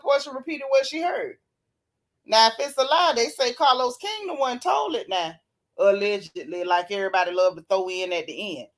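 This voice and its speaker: Live-stream host, woman, sassy and animated, slightly high voice. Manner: sassy, animated, Southern Black vernacular gossip; yawns and laughs often. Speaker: reality TV recap host reading live chat. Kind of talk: casual live-stream chat.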